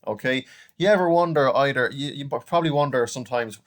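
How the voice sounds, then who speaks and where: A man's voice: mid-range voice, a little fast. A young adult man with an Irish accent, teaching a recorded online lesson in a chatty way, often saying "okay" and "guys". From Ireland.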